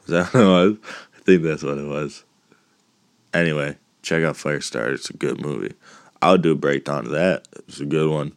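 With a rumbling low, smooth voice and brisk pace, this podcast host recaps movies casually in clean studio sound without room noise. His talk rambles, gets profane, and is peppered with laughing asides.

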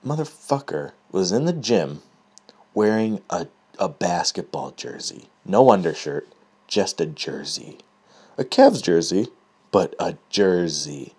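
A man telling a comedic story in an animated, profane way, laughing at his own jokes. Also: deep voice, slow pace, breathy edge.

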